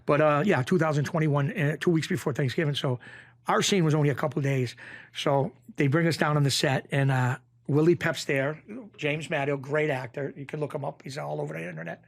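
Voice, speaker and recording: A man from Springfield, Massachusetts telling a story as a podcast guest. His voice sits a little high, and he acts out the other people's lines. He gets excitable as the tale builds. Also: fairly quick, gravelly. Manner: excitable, acts out quotes, jumps pitch when excited. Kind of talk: animated storytelling in a podcast interview.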